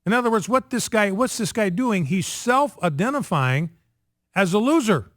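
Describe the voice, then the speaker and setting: A man with a fairly high voice hosts a talk radio show, holding forth in an indignant, sarcastic monologue. He hammers his points home by repeating phrases. The studio sound is dry, with almost no room echo. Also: expressive, normal speed, a bit bright.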